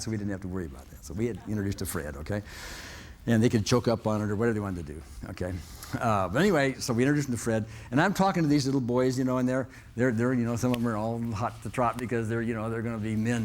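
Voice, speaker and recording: A man's voice: lowish voice, slight background noise. A man telling a long personal story to an audience in a folksy way, often chuckling and checking in with "okay?". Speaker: motivational speaker.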